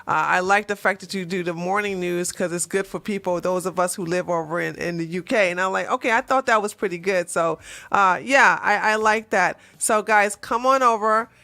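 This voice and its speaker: A woman hosting a live stream, chatting casually with listeners, laughing and clearing her throat as her voice cracks. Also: mid-range voice, normal speed, bright, forceful tone. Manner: chatty, laughing, many fillers and restarts. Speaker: host.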